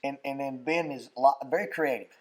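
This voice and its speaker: A man in casual panel chat, telling stories with animated delivery and fancy words. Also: medium pitch, fairly quick. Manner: animated storyteller who reaches for fancy words. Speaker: skit troupe member on a panel.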